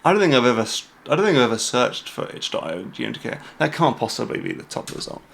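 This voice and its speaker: A man's voice: medium pitch, very animated, fast talker, creaky, a bit bright. A British man hosting a casual livestream, rambling through viewer questions with lots of fillers, restarts and self-deprecating asides from a room at home at night. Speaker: host.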